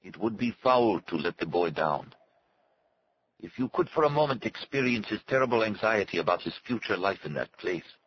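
A man's voice: fairly low pitch, expressive, moderate pace, dull audio, slight background noise, voice pushed up, natural voice. A man voicing a sad, haughty native servant who speaks in formal, stately phrases. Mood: solemn. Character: solemn, haughty male native servant and guide. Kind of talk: audiobook character voice.

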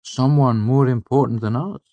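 A man voicing Willem, a calm, dry-humoured young male student, in an audiobook reading. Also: mid-range voice, moderate pace, dry recording, pitched above the performer's own voice, close to an everyday voice. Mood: deadpan. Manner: flat, deadpan.

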